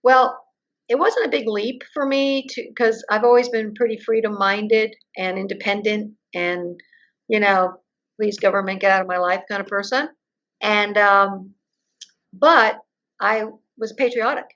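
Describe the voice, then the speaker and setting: A woman's voice: mid-range voice, steady tone, unhurried, a bit bright. An older woman being interviewed, telling her story at length and acting out the conversations she recounts. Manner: storytelling, acts out quoted exchanges. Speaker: interview guest. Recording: muffled lo-fi audio.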